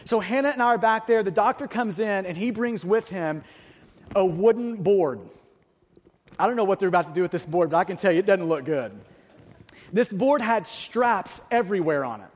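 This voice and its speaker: A man's voice: sits high, expressive, moderate pace, in a large hall. A man preaching a sermon, telling a personal story with vivid detail and rhetorical questions to the congregation. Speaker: pastor.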